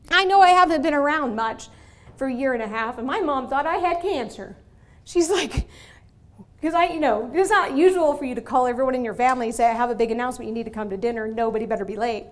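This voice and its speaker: Woman speaker, high voice, Michigan-Texas accent, animated motivational lecture with audience questions. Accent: mixed Michigan and Texas. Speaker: guest speaker. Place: university lecture hall.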